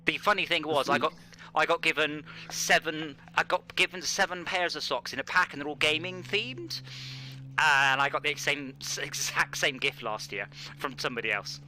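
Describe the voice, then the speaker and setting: A man's voice: a little high, moderate pace, bright, forceful tone, rough recording. A man hosting a sim racing stream, chatting casually with a playful, self-mocking manner. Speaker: stream host. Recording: faint background hum.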